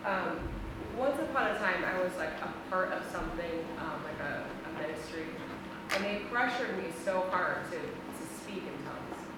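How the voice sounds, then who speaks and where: A woman's voice: fairly low pitch, lively intonation, normal speed, heavy background noise. A woman from a church group sharing a personal testimony, hesitant and full of fillers. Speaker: congregation member. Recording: echoey room, mic far off.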